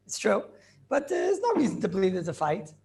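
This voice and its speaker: Animated rabbi, high gravelly voice. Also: male voice, a little fast. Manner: animated questioning, answers his own questions, repeats phrases. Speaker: rabbi teaching a class. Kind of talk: Talmudic class lecture with back-and-forth questions.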